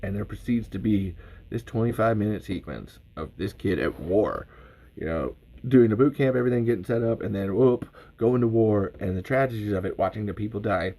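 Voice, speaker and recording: A man hosting a podcast livestream, retelling a film with animated, profane storytelling. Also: fairly low pitch, fairly quick, rough recording. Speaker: podcast host. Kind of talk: casual livestream commentary.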